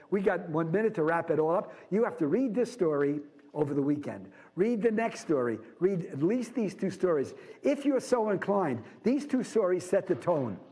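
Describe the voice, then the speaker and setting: High-voiced man lecturing in a reverberant hall. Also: a little mellow, husky. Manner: conversational, digressive, explanatory. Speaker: literature instructor. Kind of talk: lecture with read-aloud passages.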